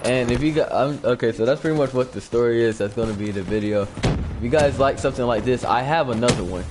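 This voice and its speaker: A young gaming YouTuber talks fast in a mid-range voice, with background noise audible. He's live-streaming at home as he games, rambling through a casual story into a new desk mic, stuffing it with "like" and performing the lines he quotes.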